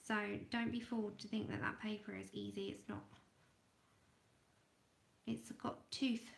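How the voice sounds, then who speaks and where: A woman hosting an art livestream, chatting casually and thinking aloud as she draws, sometimes trailing off into quiet murmurs. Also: medium pitch, little pitch movement, unhurried, gravelly, roomy sound. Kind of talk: casual livestream chat while drawing.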